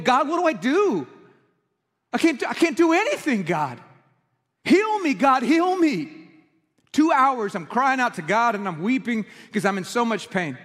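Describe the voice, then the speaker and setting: A man's voice: high voice, fairly bright tone. A man preaching a sermon as pastor, earnest and emotional in his delivery. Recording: reverberant hall.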